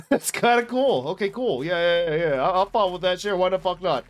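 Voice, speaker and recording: A young man streaming a video game, rambling loudly to chat, swearing and bursting into yells. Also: high-pitched, animated, a little fast. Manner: loud, rambling and profane, bursts into yelling. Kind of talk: casual live-stream chat while gaming.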